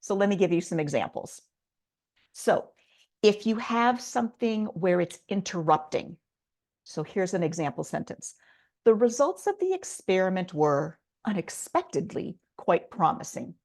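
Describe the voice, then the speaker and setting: A woman's voice: mid-range voice, creaky, a little mellow. A middle-aged woman teaching a writing lesson online, explaining step by step in a patient way with a few fillers. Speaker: writing instructor.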